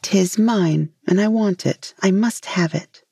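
A gentle moon fairy pleads in a lyrical, unhurried voice, as a woman reading the tale gives her lines. Her tone is low and slightly husky with a mellow warmth, in a dry close recording. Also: no echo. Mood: pleading.

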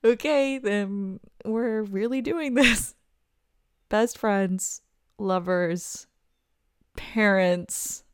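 A woman's voice: mid-range voice, extremely slow, pauses often, clear, resonant tone, no echo. A young woman voicing a pregnant best friend who confesses her love in an audio role-play, talking emotionally with stammers and laughing through tears. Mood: tender.

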